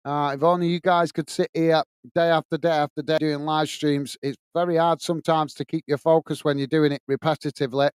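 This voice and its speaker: A man's voice: fairly high pitch, level tone, fairly quick, hardly any pauses, clean tone, no echo, clean studio sound. A man from England hosting a live football watchalong, calling the play and reading out viewer messages in a chatty way. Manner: chatty, reads viewer comments aloud and calls play. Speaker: watchalong host. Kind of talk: live stream match commentary and chat reading.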